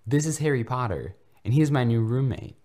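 A frantic, overeager young boy squeals his welcomes in a high, excited voice, as a man puts him on. He is pious and friendly, with a sly edge, in a comedy fanfic reading. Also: a little fast, natural voice. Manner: screeches excitedly, very eager.

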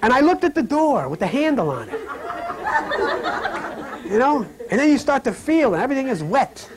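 A man hosting a spiritual talk program, telling rambling anecdotes with laughter and sinking to a hushed, slow voice on his spiritual points. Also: a crowd in the background. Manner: animated storyteller, laughs through his stories; drops to a hushed, low, slow voice on spiritual lines.

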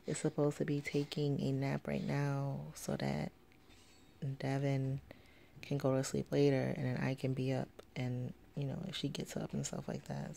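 A rumbling low, creaky voice with a dark tone comes from a young woman vlogging casually at home at night while her baby sleeps. There's slight background noise, and her chatty vlog talk rambles with plenty of fillers.

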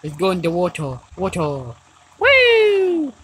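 A woman doing casual let's-play commentary, excitable, yelling and swearing at the game. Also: medium pitch, unhurried, breathy edge, poor audio. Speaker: gaming video host.

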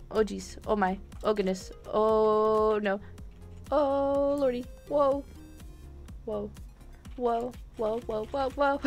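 Female streamer, high voice, unhurried delivery, playful and giggly, light game music underneath. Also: fairly bright tone. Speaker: gaming streamer. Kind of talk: live game commentary. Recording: faint game music behind.

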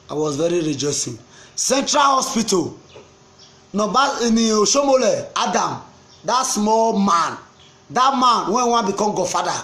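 High-voiced Nigerian man ranting. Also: a bit bright. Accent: Nigerian, Pidgin-inflected. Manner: preachy, repetitive, mixes Pidgin and English, breaks into chant. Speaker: political commentator. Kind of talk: impassioned political rant.

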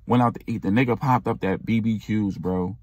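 Husky young New storyteller. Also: male voice, on the low side, a little fast, no room sound, clean studio sound. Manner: slangy, animated retelling. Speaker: vlogger. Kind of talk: casual storytime.

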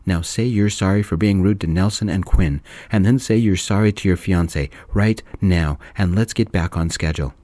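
A man voicing a stern, exasperated middle-aged mother who scolds her daughter firmly, in a soft-spoken storybook reading. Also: low voice, normal speed, hardly any pauses, dry recording, lightly acted. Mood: scolding. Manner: scolding, firm.

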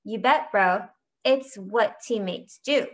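A woman's voice: mid-range voice, slow, fairly bright tone. A woman voicing an easygoing, loyal boy teammate who talks casually. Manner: casual, friendly.

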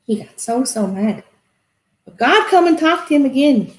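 A woman telling a Bible story to children in an animated way, asking them questions. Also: high voice, moderate pace. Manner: animated, asks kids questions. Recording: echoey room.

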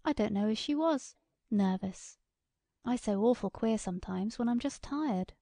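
A blunt country farm wife, played by a woman narrator, talks in a mellow, gravelly voice. Her speech is plain and direct, recorded close and dry for an audiobook. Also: fairly high pitch, expressive, moderate pace, dry recording. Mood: rueful. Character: plain-spoken rural farm wife, regretful.

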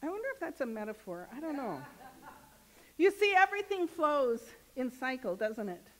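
A woman minister delivers a relaxed, joking sermon, often turning to her congregation with questions. Her voice sits high, and her talk is loose and conversational rather than formal. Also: moderate pace, rough recording. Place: church sanctuary.

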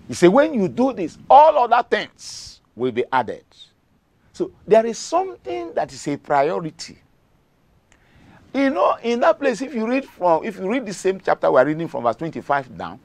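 A man's voice: high voice, gravelly, a little mellow. A middle-aged man with a Nigerian accent, preaching a devotional sermon emphatically and repeating key phrases.

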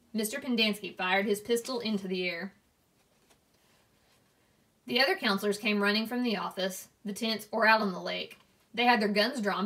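Female reader, steady read-aloud narration of a novel. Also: medium pitch. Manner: steady, clear storytelling.

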